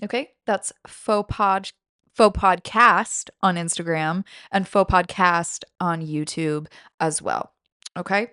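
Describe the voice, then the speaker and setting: A woman's voice: on the low side, slow pace, sharp tone, smooth, dry recording, clean studio sound. A woman hosting a comedy podcast in casual, profane chat, telling a self-mocking story with big swings in energy. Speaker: podcast host.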